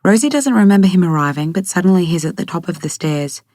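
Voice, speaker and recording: Low-voiced woman narrator. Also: lively intonation, quick pace, darkish tone, no room sound, studio quality. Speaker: audiobook narrator. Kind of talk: audiobook narration.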